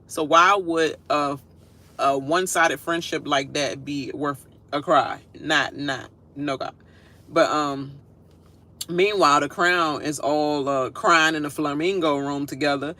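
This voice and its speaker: A woman's voice: sits low, fairly even intonation, a little slow, bright, forceful tone. A woman giving a casual, sassy reaction rant, laughing often and mimicking people in whiny voices. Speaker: reality show commentator.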